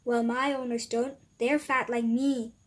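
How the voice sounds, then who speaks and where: A woman voicing a lazy plump male dog, defensive, slow, husky storybook voice. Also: a little high, flat delivery. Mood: indignant. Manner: sulky, defensive. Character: big plump lazy male golden retriever, touchy.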